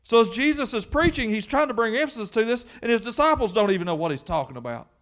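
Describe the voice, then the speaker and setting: A man's voice: extremely high pitch, sing-song, quick pace, a bit bright. A man preaching a sermon as pastor, emphatic and full of rhetorical questions.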